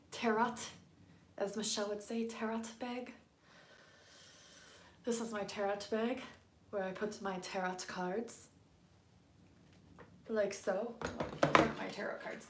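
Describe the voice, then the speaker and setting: A woman chatting casually on a live stream as a tarot reader, bubbly and giggly, often dropping to a hushed voice so she won't wake her daughter. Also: mid-range voice, fairly even intonation, measured pace, pauses often, echoey room, slight background noise. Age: adult with a young daughter. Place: home workspace at night.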